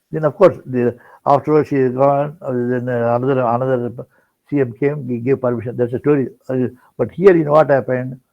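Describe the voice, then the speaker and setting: A man's voice: medium pitch, steady tone, fairly quick, vocal fry. An older man giving a rambling devotional discourse, full of restarts and repeated words. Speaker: spiritual speaker. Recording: dull lo-fi online talk recording.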